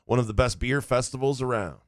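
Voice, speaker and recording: A man in his forties runs through listener questions on a casual sports podcast, joking around and cursing freely. His voice sits at an ordinary middle pitch and sounds close and dry, with no room around it. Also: brisk, no room sound. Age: 40s. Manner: reads listener questions aloud, joking and profane. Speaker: podcast co-host.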